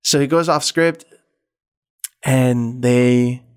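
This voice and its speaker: Male podcast host, mid-pitched, loose and swearing, fills every gap with "like". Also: fairly even intonation, very slow, smooth. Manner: rambling, profane retelling full of "like". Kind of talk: casual chat.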